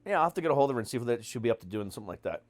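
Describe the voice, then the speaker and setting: A man's voice: medium pitch, very animated, very fast, no room sound. A man hosting a podcast in casual chat, joking and rambling with many fillers. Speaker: podcast host.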